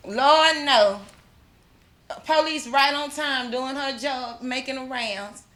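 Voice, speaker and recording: A high, bright, forceful voice belongs to a middle-aged woman speaking slowly. At an awards ceremony, she gives a fervent testimony about being a mother, leaning on religious phrasing while repeating herself and restarting often.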